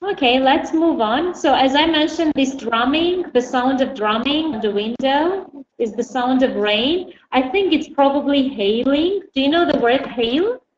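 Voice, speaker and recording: In an online English lesson, a woman patiently calls on her students by name. Her high voice is expressive and unhurried, and the recording sounds echoey, dull, and lightly noisy.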